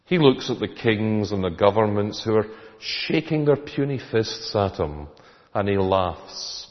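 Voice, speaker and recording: A man's voice: on the low side, lively intonation, unhurried. A man preaching a sermon, emphatic and full of rhetorical questions to the congregation. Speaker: pastor. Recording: echoey hall, dull lo-fi sound.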